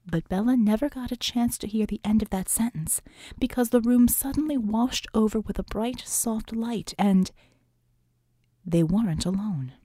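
A woman narrating a novel with measured, often hushed storytelling. Her voice is mellow and breathy, recorded dry and close with no room sound. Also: a little high, no room sound. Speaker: audiobook narrator. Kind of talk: scripted narration.

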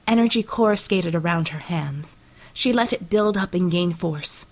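A woman narrating an action audiobook in steady, dramatic storytelling. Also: fairly low pitch, moderate pace, poor audio.

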